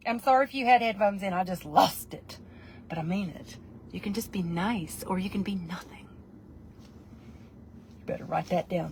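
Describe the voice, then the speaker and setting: A woman's voice: on the low side, fairly quick, slight background noise. A woman, chatting in a casual, rambling vlog, playful and self-mocking. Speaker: vlogger.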